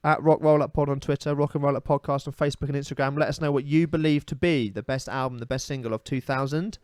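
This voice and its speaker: A man's voice: a little high, fairly even intonation, quick pace, a little mellow, clean tone, no echo, clean studio sound. A man co-hosting a casual comedy podcast, joking and rambling with fillers and restarts. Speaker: podcast co-host.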